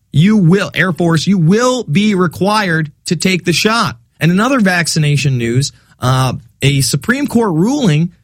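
A man hosting a talk radio show, delivering an animated, sarcastic monologue. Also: a little high, dry recording, clean studio sound. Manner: animated, sarcastic, mocking quoted voices.

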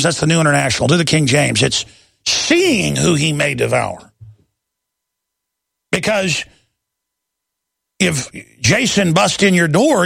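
Furious high-pitched male talk show host. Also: creaky, no echo. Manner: furious, shouting insults. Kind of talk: angry talk show rant.

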